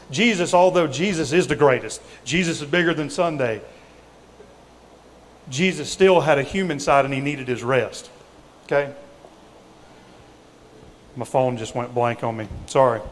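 A man preaching a sermon in a conversational, folksy way, with casual asides to the congregation. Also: a little high. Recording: reverberant hall.

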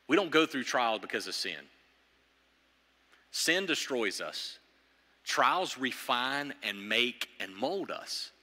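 Bright-voiced man preaching in a hall. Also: slow pace, long pauses. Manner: animated preaching, swings from loud and high to low and quiet. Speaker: pastor. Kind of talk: sermon. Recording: long hall reverb.

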